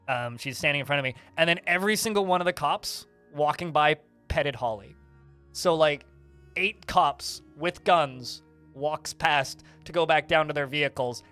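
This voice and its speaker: A man's voice: on the high side, bright, forceful tone, clear, resonant tone. A man streaming a game, casually telling a rambling anecdote full of fillers. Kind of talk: casual storytelling while playing a game.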